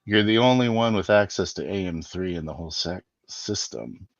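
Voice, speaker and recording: Deep-voiced man haggling in character. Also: normal speed, no echo, highs cut off. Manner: persuasive, haggling, with fillers. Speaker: player. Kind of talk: in-character tabletop role-play.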